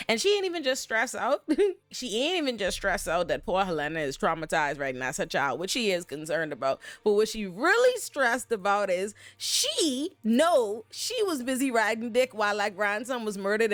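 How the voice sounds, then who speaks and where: A woman hosting a casual TV recap, talking in an animated and profane way with sudden jumps in pitch. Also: no room sound. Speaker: TV recap host.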